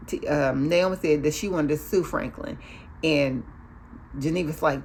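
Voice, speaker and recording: A woman's voice: low voice, unhurried, a little hiss or hum. A woman hosting a casual recap of a TV show, chatty, acting out the characters' lines as she goes.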